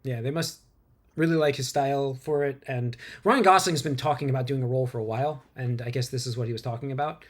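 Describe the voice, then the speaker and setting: A man hosting a casual movie news podcast from home, rambling and tripping over names, quick to laugh. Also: medium pitch. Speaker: podcast host.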